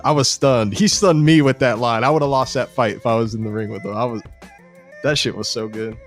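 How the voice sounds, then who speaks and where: A young man hosting a podcast, excitedly retelling a show episode in casual, profane chat. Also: medium pitch, fairly quick, faint music behind. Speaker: podcast host.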